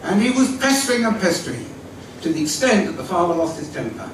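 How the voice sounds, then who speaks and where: Older man, storytelling talk, high lively voice, distant, very echoey hall. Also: fast, slight background noise. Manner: vivid storytelling with acted-out quotes, lively. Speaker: speaker at a community evening, former school leader. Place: large hall at an evening event.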